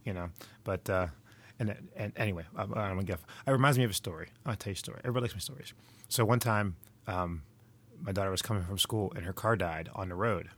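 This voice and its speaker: A man's voice: deep voice, quick pace, a bit bright. A middle-aged man giving movie recommendations in a casual, rambling monologue full of digressions and stories. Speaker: movie reviewer.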